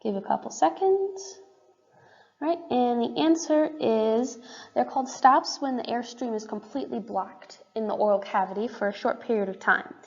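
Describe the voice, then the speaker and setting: A woman's voice: a little high, normal speed. Young woman, student presenter, casual explanatory talk, fillers, muffled sound, long reverb. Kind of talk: class presentation. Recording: dull roomy recording with long reverb.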